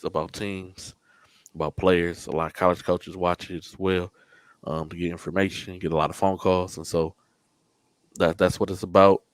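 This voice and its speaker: Host, male, very deep voice, laid-back, dry close recording. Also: smooth, dry recording. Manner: relaxed, plugs the show and teases his co-host. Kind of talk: casual sports show chat.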